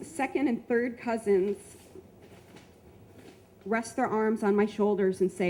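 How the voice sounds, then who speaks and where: Mellow-voiced woman reading a memoir. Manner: measured storytelling, voicing quotes with sudden high shrieks. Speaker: featured reader. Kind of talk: reading a personal essay aloud. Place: live reading event before an audience.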